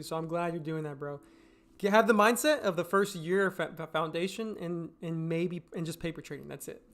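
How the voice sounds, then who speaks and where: Casual trading streamer, higher-voiced man. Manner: relaxed, reads viewer questions aloud and answers bluntly. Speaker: day trading show host.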